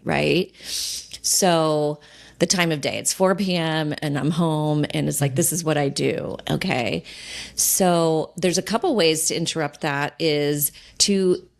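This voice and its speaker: A woman podcast host and sobriety coach, talking gently and reassuringly in a conversational way, sometimes acting out inner thoughts. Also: low voice, a little slow, vocal fry.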